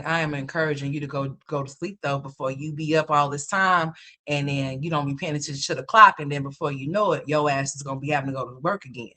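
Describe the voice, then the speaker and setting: Fifties woman ranting on her stream, low-ish voice but bright and punchy, cusses a lot. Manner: blunt, salty, laughs at her own jokes. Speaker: livestream host. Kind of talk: casual profane storytelling to a live chat.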